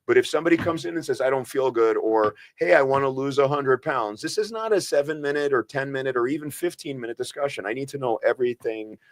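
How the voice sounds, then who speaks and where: A man's voice: medium pitch, fast, few pauses, no echo. A man hosting a radio health show as a doctor, talking in a casual, earnest way with frequent restarts.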